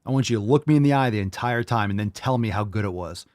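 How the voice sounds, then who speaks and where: A man's voice: on the low side, quick pace, darkish tone, no room sound, studio quality. A man hosting a live podcast who rants bluntly and profanely and mocks his listeners' excuses in put-on voices. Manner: mocking impressions of listeners. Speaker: podcast host.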